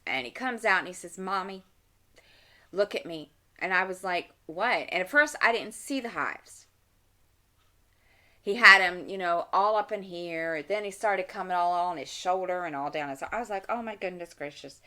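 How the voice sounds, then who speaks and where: A woman's voice: on the low side, lively intonation, normal speed, pushed and bright. A middle-aged woman chatting casually at home while crafting, rambling and talking to herself as she works. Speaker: channel host. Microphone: desk mic.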